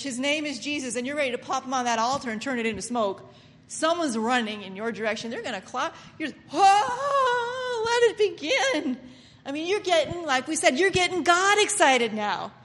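Animated woman preacher with a high voice, echoey hall, acts out scenes. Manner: dramatic, acts out voices, laughs often. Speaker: Bible teacher and preacher. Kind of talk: animated sermon-style Bible teaching.

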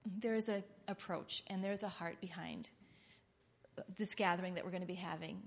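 A middle-aged woman giving a rambling, earnest, informal sermon that builds to loud, impassioned preaching. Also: fairly low pitch, moderate pace, vocal fry.

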